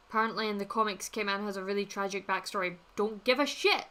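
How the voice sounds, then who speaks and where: A woman's voice: medium pitch, steady tone, fast, few pauses, pushed and bright. A young woman hosting a livestream, chatting casually with viewers in a blunt, laugh-filled way and swearing freely. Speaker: livestream host reading chat. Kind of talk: casual chat.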